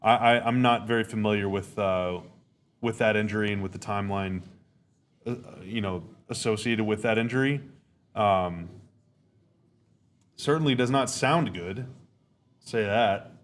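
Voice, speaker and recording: This podcast host has a lowish voice and an unhurried delivery with frequent pauses. Reacting casually to a game as it happens, he rambles, goes over the same points again and voices blunt opinions.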